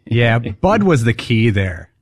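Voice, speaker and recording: A male co-host in casual banter who asks teasing questions. His voice moves a lot in pitch. The sound is close and dry. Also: very animated, slow, breathy edge, no echo. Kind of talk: casual sports talk.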